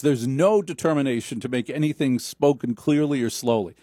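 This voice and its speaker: A man's voice: medium pitch, lively intonation, fairly quick, few pauses, mellow, no echo, clean studio sound. A man hosting a talk radio show, riffing sarcastically in a rambling comic monologue. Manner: sarcastic, mocks voices.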